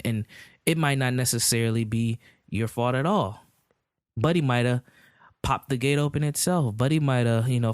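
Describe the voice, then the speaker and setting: A man with a smooth, resonant voice, hosting a podcast and walking through ideas in an easygoing way. He leans on fillers and slips into acting out little quotes along the way. The recording is close and dry, with no room sound. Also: medium pitch, darkish tone, no room sound. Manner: conversational, many fillers, acts out hypothetical quotes. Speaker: podcast host. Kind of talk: casual explanatory monologue.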